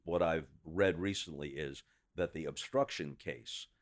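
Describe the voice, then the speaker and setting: A man who is a sports broadcaster, speaking as a guest in a podcast interview, with articulate, measured and emphatic delivery in long rhetorical sentences. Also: extremely low pitch.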